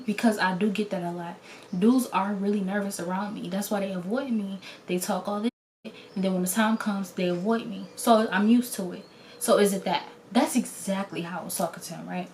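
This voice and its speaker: Blunt, animated young woman telling a story. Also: mid-range voice, fairly quick, slight background noise. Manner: animated and blunt, acting out quotes. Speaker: vlogger. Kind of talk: casual storytime.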